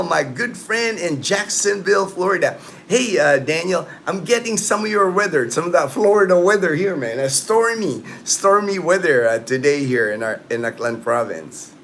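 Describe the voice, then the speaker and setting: A man's voice: a little high, animated, moderate pace, creaky, fairly bright tone, slight background noise. Rambling late-fifties man chatting live. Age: late 50s. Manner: rambling, loose talk full of "you know" and "man"; reads out and answers viewers' comments. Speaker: livestream host. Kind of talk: casual live-stream chat with viewers. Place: at home in the Philippines.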